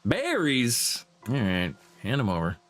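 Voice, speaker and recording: A man giving casual gameplay commentary in a low, muttering, laid-back way. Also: huge pitch swings, measured pace, a bit bright, faint music behind. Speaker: gamer.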